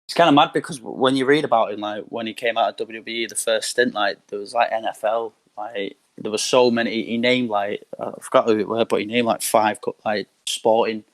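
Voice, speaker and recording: Low-voiced man rambling casually. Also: steady tone, fairly quick, few pauses. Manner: rambling, heavy use of "like". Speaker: podcast guest. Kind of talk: casual chat.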